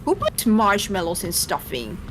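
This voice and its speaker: A woman's voice: mid-range voice, wildly swooping pitch, moderate pace, soft background music. Austrian-accented woman teasing on a game stream. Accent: Austrian German. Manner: blunt, teasing, laughs easily. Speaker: guest streamer. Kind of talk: casual chat while gaming.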